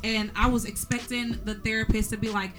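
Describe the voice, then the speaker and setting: A married woman in a casual group conversation, telling stories with lively acted-out dialogue. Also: a little high, fairly quick, over music. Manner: animated storyteller, acts out quoted dialogue.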